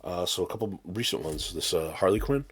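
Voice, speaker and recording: A man's voice: deep voice, a little fast, slightly rough. A man hosting a casual unboxing vlog at his desk, rambling and sarcastic, with mock rants. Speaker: channel host. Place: home desk with camera and laptop.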